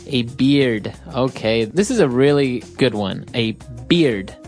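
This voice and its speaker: Very low-voiced woman hosting an English lesson. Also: takes it slowly, soft background music. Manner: relaxed, explaining, agreeing often. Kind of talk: casual teaching chat.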